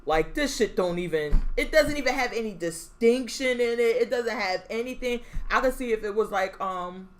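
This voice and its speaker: A young adult woman co-hosting a podcast in casual chat, animated, laughing often and acting out quotes. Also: fairly high pitch, normal speed, few pauses, slight background noise. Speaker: podcast co-host.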